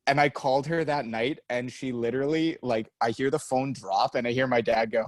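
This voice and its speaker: A man's voice: mid-range voice, steady tone, a little fast, no echo. Young man telling rambling stories. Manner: rambling storyteller, laughs often. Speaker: podcast co-host. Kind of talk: casual chat.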